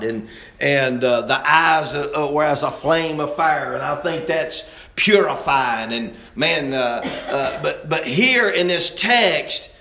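A man's voice: a little high, sharp tone, reverberant. A man preaching a Baptist sermon in a folksy, emphatic way.

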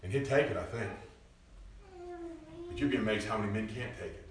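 A man preaching a lively sermon, animated and prone to loud bursts and mimicking people, recorded in a church hall from a distance. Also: lowish voice, fairly quick, noisy background. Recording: echoey church, mic at a distance.

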